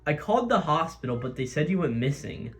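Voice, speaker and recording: Brief: a heartbroken teenage idol girl, hushed and tearful, read by a man in his everyday voice, with a lively delivery. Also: a little high, brisk, faint music behind. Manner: soft, subdued reading of quoted lines.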